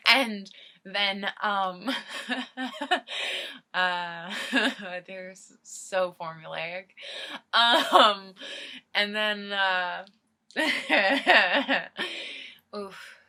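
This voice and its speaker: A woman's voice: mid-range voice, extremely slow, long pauses, bright, forceful tone. A young woman improvising a comic story as a video host, rambling and giggly as she ad-libs.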